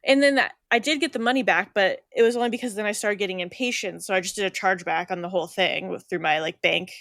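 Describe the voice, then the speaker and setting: A young pregnant woman co-hosts a podcast, telling a story casually in a fast, creaky, medium-pitched voice. She is animated, acting out the other people in it with quoted voices and laughing often. The recording is studio quality with no echo.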